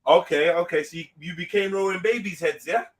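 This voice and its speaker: A man's voice: high voice, fairly quick. A man hosting a casual livestream chat. He talks in loose, teasing street slang. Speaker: livestream host.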